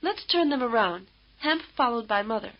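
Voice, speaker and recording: A woman instructor giving measured, patient, scripted explanations in a language lesson. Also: a little high, expressive. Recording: dull lo-fi old course tape.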